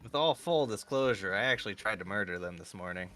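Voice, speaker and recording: A man's voice: lowish voice, animated, quick pace, sharp tone, soft background music. A man playing in a tabletop game, joking sarcastically in character and laughing often. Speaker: player. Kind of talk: casual in-character game banter.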